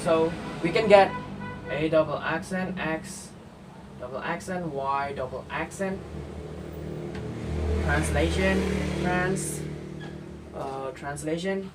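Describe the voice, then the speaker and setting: A man's voice: fairly high pitch, takes it slowly, long pauses. A man explaining a math problem step by step, with fillers and self-corrections. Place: indoor room. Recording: distant mic with air-conditioner hum.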